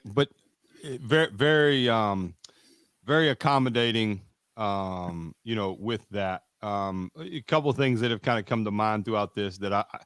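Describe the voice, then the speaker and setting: A man's voice: on the low side, a bit bright, smooth, dry recording. A middle-aged American man with a Kentucky accent, co-hosting a podcast in casual chat, hesitant with fillers and playful asides. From United States. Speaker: podcast co-host, father.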